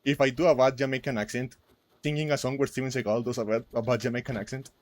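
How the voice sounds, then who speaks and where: A man's voice: medium pitch, fairly even intonation, quick pace, a little mellow. Giggly young man rambling casually. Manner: rambling, giggly, heavy use of "like". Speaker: podcast co-host. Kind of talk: casual chat.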